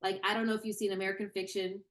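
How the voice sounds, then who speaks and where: Casting: young woman guest, casual and animated, lots of "you know". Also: medium pitch, very fast. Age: young adult. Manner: animated, many fillers and repeated starts. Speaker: screenwriter and actor, interview guest. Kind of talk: casual interview conversation.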